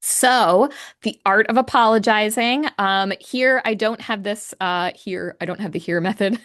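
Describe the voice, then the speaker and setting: Woman therapist hosting her podcast, mid-pitch voice, earnest, explains stuff step by step, restarts sentences as she thinks. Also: a little slow, fairly bright tone. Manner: thinks aloud with restarts and self-corrections. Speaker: podcast host and creative arts therapist. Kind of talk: solo educational podcast talk.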